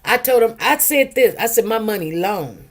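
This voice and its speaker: Lively woman telling stories. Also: on the high side, moderate pace. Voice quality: lively, animated storytelling, acts out quotes. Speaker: commentary host. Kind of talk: casual talk commentary.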